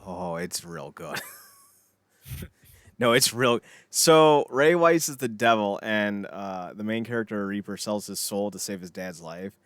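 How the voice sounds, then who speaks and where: Low-ish guy rambling on a podcast, swears a lot, dry close sound. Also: unhurried, no room sound. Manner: rambling, profane, trails off and mumbles. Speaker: podcast co-host. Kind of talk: casual podcast chat.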